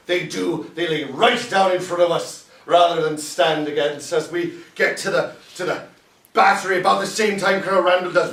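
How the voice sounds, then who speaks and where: An actor playing a proud Civil War captain in a theatrical stage monologue, telling war stories and breaking into shouted quotes. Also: male voice, high-pitched. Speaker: actor in a one-man stage play. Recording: roomy, distant stage recording.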